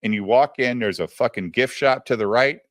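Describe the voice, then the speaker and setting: A man's voice: mid-range voice, normal speed, no room sound, studio quality. A man telling a story in a casual, profane style, often addressing his listener directly.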